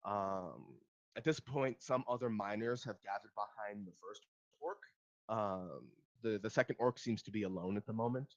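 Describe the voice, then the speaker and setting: A man's voice: lowish voice, moderate pace, highs cut off. A man narrating a tabletop game as game master, hesitant with many ums and restarts.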